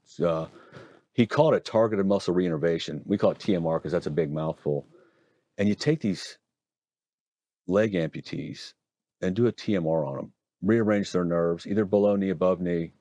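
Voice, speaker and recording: A middle-aged man from Oregon, a hand surgeon telling stories and explaining procedures in a folksy, animated interview manner. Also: deep voice, moderate pace, dry recording. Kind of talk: conversational interview storytelling.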